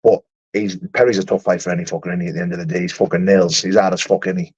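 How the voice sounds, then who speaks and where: A man's voice: low voice, level tone, very fast, a little mellow, slightly rough, lo-fi sound. A young man who fights for a living, chatting casually on a livestream and answering viewer comments in a rambling, profane way with lots of restarts. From United Kingdom.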